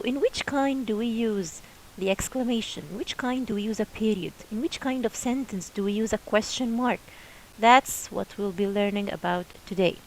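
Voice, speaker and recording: A woman teaching a grammar lesson in a slightly high voice. She talks slowly and patiently, repeating her questions and examples so the class can follow. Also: slight background noise, rough recording. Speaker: English teacher.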